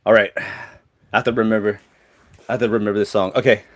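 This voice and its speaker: A man hosting a casual lyrics quiz with friends, counting down quickly and swearing freely. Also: fairly low pitch, level tone. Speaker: host running a lyrics quiz. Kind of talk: casual game chat.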